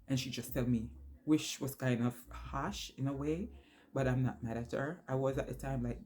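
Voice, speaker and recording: A woman's voice: extremely low pitch, steady tone, normal speed, dark tone. A woman vlogger telling a personal story to her phone camera, rambling and losing her train of thought along the way.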